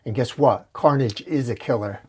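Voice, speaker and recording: A man voicing a woman bonded with a symbiote, calm and steady, in a serious, level tone. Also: medium pitch, moderate pace, slightly rough, lightly acted.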